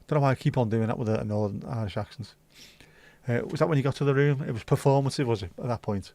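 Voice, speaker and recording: Male host, mid-pitched, easygoing and sweary, dry sound. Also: quick pace, gravelly, mellow, no echo. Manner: laid-back, sweary banter. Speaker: livestream host. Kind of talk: casual chat reading viewer comments.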